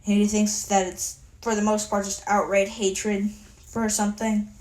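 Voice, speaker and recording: A woman's voice: medium pitch, little pitch movement, moderate pace, darkish tone. A tired woman casually retelling her fan story in a rambling way, with a lot of swearing and self-mockery.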